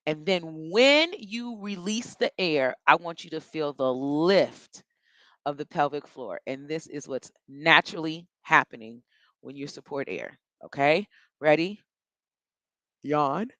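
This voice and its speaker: A woman's voice: sits low, expressive, unhurried, fairly bright tone, no room sound. Chatty female vocal coach, dry sound. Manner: chatty, encouraging, demonstrates breathing and yawns. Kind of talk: workshop instruction.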